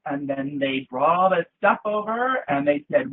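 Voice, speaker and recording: A man guest in an interview, telling animated, theatrical stories in a casual chat. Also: on the high side, moderate pace, a little hiss or hum. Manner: lively, theatrical storyteller with bursts of laughter. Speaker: guest, actor. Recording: tinny lo-fi line.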